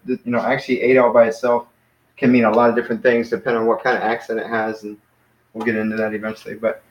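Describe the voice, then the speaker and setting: A man teaching a Greek class in a relaxed, hesitant way, with many fillers. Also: medium pitch, echoey room, low-quality recording.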